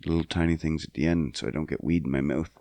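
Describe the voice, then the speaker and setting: A young man hosting a podcast, talking casually and profanely, getting loud and worked up as he rants. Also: extremely low pitch, fast talker, gravelly, no room sound. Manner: profane, animated, swings loud when worked up. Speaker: podcast host. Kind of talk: casual solo podcast rant.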